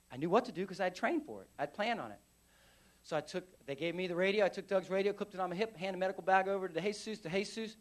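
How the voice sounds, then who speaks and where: A veteran man giving a live storytelling speech at a conference, animated and acting out scenes with sound effects. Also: high-pitched, fast. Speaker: veteran speaker. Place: conference stage.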